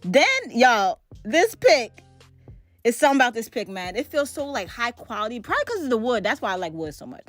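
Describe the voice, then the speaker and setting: A woman hosts a casual vlog, reviewing hair products in a playful, exclamatory way. Her voice sits fairly high and swings widely up and down as she talks. She often repeats words for emphasis. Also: very animated, fairly quick, soft background music. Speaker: hair vlogger.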